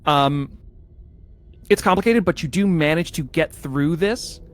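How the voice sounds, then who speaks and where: A man's voice: fairly high pitch, unhurried. A man narrating as game master, explaining the scene carefully with frequent hesitations and restarts.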